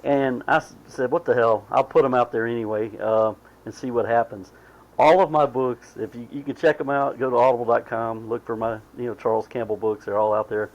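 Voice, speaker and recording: A man with a Southern US accent, hosting a podcast in casual chat, talking in a drawn-out, halting way with fillers. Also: medium pitch, steady tone, a little mellow. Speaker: podcast host. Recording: slightly dull lo-fi sound.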